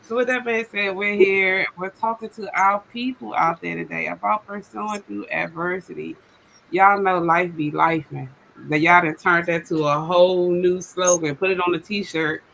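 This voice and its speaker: Woman, live-stream host, slangy and lively, lowish voice, faint background hum. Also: normal speed, vocal fry, rough recording. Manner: lively, slangy, laughs often. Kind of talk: casual live-stream chat.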